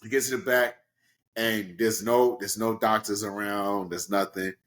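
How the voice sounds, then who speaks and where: A man from Brooklyn, a guest in an interview, telling a story casually and animatedly, acting out the people in it with big leaps in pitch. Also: fairly even intonation, measured pace, a bit bright. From Brooklyn, New York. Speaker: guest, professional wrestler.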